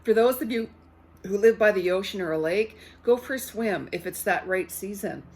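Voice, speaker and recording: A woman's voice: mid-range voice, lively intonation, moderate pace. A woman psychic medium giving a casual card reading to her viewers, chatty and loose, full of "like" and "you know", often repeating her words.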